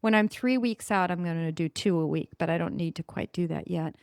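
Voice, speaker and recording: Enthusiastic woman podcaster, smooth voice. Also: lowish voice, brisk, darkish tone, no room sound, clean studio sound. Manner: enthusiastic, rambling, with self-corrections. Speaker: podcast host. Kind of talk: casual solo podcast monologue.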